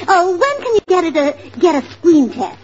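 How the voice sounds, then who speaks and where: A woman's voice: extremely high pitch, sing-song, normal speed, a little mellow. A woman doing scatterbrained, chirpy 1940s radio comedy acting. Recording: old lo-fi radio broadcast with studio audience.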